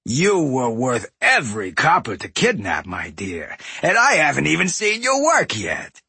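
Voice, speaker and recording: A man putting on Gallywix, a raspy booming goblin boss. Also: huge pitch swings, unhurried, bright, forceful tone, no room sound, full character voice. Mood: blustering. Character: boastful greedy male goblin boss. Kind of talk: audiobook character voice.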